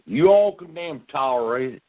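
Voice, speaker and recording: A man's voice: medium pitch, animated, normal speed, no room sound. Ranting man on a tinny phone line. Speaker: caller. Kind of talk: angry phone rant.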